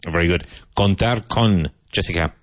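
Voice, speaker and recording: In a close, dry recording with no echo or room sound, a male English teacher with a low, deep voice leads students through vocabulary practice at a brisk, encouraging pace.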